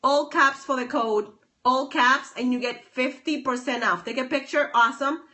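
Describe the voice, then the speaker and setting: A woman's voice: sits high, fairly even intonation, moderate pace, bright, forceful tone. A woman hosting a live phone stream, chatting upbeat with viewers by name and repeating herself often. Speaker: stylist and author hosting a livestream.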